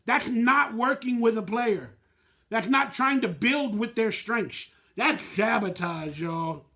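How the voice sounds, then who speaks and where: Speaking slowly, a high-voiced man with a bright, sharp edge vents his postgame reaction to his fan channel. He's blunt and emotional, sticking to plain slang.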